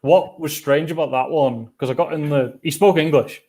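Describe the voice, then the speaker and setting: A man's voice: fairly high pitch, moderate pace, a little mellow. A man chatting over a video call as a guest travel vlogger, telling rambling anecdotes in a casual way. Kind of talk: casual chat.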